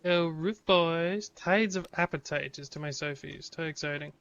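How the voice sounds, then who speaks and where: A man commentating a game live for his chat. His voice sits fairly high and sounds bright and crisp. He reads the game's text aloud and lets out curses when something startles him. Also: moderate pace, muffled recording. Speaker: streamer.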